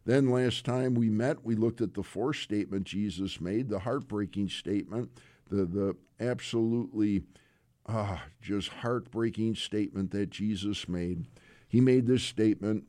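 A man preaching a sermon. He speaks earnestly and unhurriedly and often pauses on "uh". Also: lowish voice, warm tone, dry recording, studio quality. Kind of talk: sermon retelling scripture.

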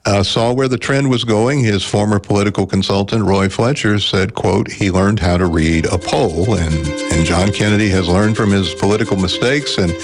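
A man hosting a public radio talk show, measured and informative. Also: on the low side, music in the background.

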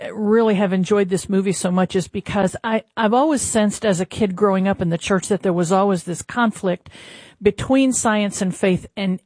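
A woman's voice: medium pitch, darkish tone, no echo, clean studio sound. Earnest, hesitant woman co-host. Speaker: talk show co-host. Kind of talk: talk show comment.

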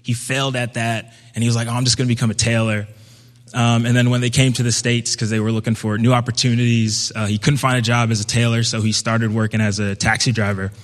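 A young man from Brooklyn tells a personal story on stage, at an easy, conversational pitch in the middle range. When he quotes other people, he pops up into higher, livelier voices. His voice rings out with the long reverb of a big hall. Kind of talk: live storytelling performance.

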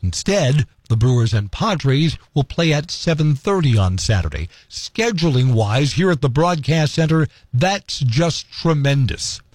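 Man, radio host, hoarse voice, lively pitch, dry studio sound. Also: a little slow, few pauses, no echo. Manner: chatty, rambling with fillers. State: hoarse, losing his voice. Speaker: radio morning show host. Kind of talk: casual radio talk. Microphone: studio microphone.

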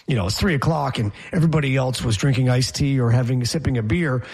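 A man co-hosting a radio show, telling stories in quick, joking banter with playful asides. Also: medium pitch, darkish tone, husky. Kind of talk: casual banter.

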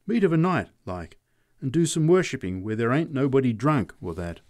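A man's voice: medium pitch, big pitch swings, moderate pace, darkish tone, voice pushed up, close to an everyday voice. A man reading a story aloud, voicing a big, confident working-class woman who talks plainly and motherly. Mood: earnest. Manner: plain-spoken, folksy. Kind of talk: audiobook reading.

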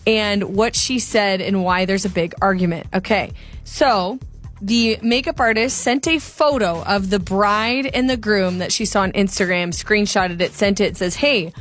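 A woman's voice: mid-range voice, a little slow, faint music behind. A woman co-hosting a casual radio show, reading out poll numbers and retelling a text exchange as a story. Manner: reads out poll results and texts, lively storytelling. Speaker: radio co-host. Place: radio studio.

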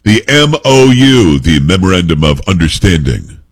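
Husky, blunt talk radio host. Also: male voice, low-pitched, very animated, normal speed. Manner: blunt and opinionated, reads news aloud then comments.

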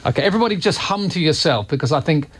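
A man's voice: a little high, lively intonation, very fast, breathy edge. A man hosting a radio show, chatting casually and poking fun at himself. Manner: self-mocking, joking. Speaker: radio host. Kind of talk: casual on-air chat. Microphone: studio microphone.

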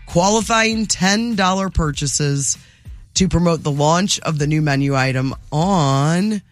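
Man, talk-show host, slightly high voice, casual chatty delivery, faint music underneath. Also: a little slow. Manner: chatty, reads news items aloud. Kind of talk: casual chat.

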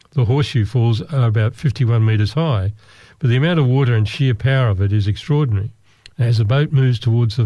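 A man's voice: medium pitch, warm tone, dry recording. A man recounting a trip in casual storytelling, with wry, dry humour.

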